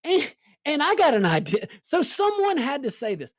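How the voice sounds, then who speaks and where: A woman's voice: high voice, huge pitch swings, normal speed, no echo, clean studio sound. A woman hosting a political talk show, sarcastic and full of rhetorical questions. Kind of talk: casual political commentary.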